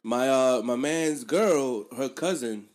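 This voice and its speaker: A man's voice: medium pitch, takes it slowly, darkish tone. A man co-hosting a podcast, telling laid-back stories in casual slangy chat with frequent laughs. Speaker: podcast co-host.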